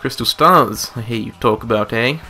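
A man's voice: medium pitch, normal speed, pushed and bright, faint music behind. A man voicing a bossy, threatening villain commander interrogating a captive.

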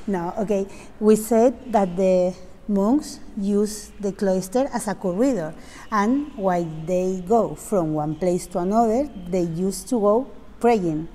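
Mellow woman chatting in a cloister. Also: medium pitch, takes it slowly. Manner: playful, interjecting. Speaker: co-host. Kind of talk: casual tour chat. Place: stone cathedral cloister, indoors. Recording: long reverb of a stone cloister.

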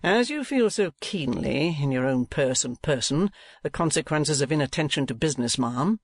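A man's voice: on the high side, animated, normal speed, no echo, clean studio sound. A man reading as a cold, sneering miserly uncle who speaks curtly and tartly. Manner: curt, tart, sneering.

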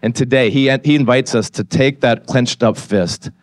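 In close, dry audio with hardly any room echo, a forties-aged pastor delivers a sermon at normal speed with an everyday mid-range voice. He first relates his story frankly and conversationally, then makes an earnest appeal.

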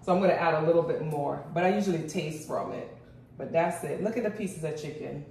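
A woman with a Jamaican accent hosting a casual home cooking vlog, chatty and excitable as she talks to her viewers. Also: low-pitched, a little fast, creaky, background noise. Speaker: cooking channel host. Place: home kitchen. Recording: very echoey room, mic far off.

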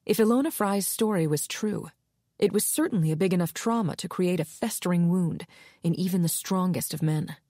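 A woman audiobook narrator reading a thriller in a measured, steady manner. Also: on the low side, dry recording, clean studio sound. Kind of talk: scripted narration.

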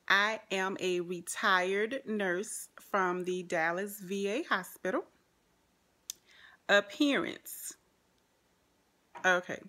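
A woman's voice: medium pitch, pushed and bright. A woman in her forties with a New Orleans accent, chatting to camera as a vlogger in a sassy, joking way. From New Orleans, Louisiana. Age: 40s. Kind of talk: casual chat to camera.

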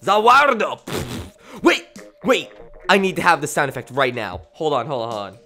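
With game music playing softly in the background, a man streams and comments on his gameplay at a normal speed. He sounds bright and forceful, pitch all over the place, joking and excitable as he alternates between loud yelps and low mumbles.

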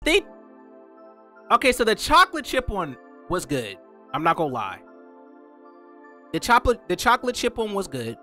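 A young man doing a casual taste-test vlog as a food reviewer, talking in slangy, excitable bursts, swearing and repeating himself. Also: sits high, normal speed, pauses often, faint music behind.

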